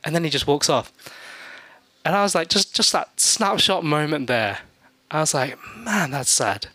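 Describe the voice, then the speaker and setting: A man's voice: a little high, animated, moderate pace, sharp tone, dry recording. A man preaching a sermon as pastor, in a conversational way with humorous asides, acting out the people in his stories. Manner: acts out voices in his stories.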